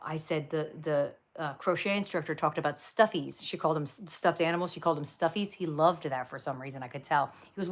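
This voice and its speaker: A woman's voice: sits low, a bit bright. A middle-aged woman in her home craft room, rambling casually through a craft haul vlog with lots of fillers and side stories. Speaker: craft vlogger.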